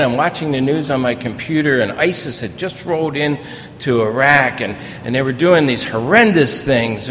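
An older man preaching as a pastor, telling personal stories in a folksy, storytelling way that grows animated in places. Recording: reverberant hall with faint rumble.

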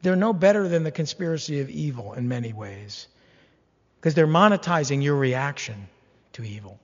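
A man preaching a sermon, animated and humorous, slipping into mock-whining voices as he acts out complaints. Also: on the high side, normal speed, big-room sound, dull audio. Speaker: pastor.

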